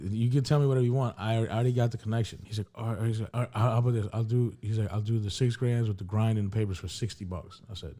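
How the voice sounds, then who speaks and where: Fast-talking low-voiced man. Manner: animated, profane, acts out dialogue. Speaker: podcast host. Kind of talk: casual storytelling.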